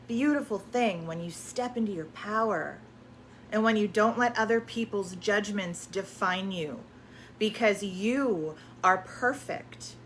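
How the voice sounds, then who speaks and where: In a pushed, bright voice of medium pitch, a woman who works as a spiritual energy coach chats casually to promote herself. She gushes affirmations, repeats herself often, and leans on uplifting self-help phrasing, over a faint hiss or hum.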